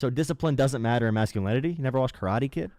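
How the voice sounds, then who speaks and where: Fast-talking young man hosting a call-in. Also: medium pitch, no room sound. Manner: calm, mocking, filler-heavy. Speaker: host. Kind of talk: live call-in political debate.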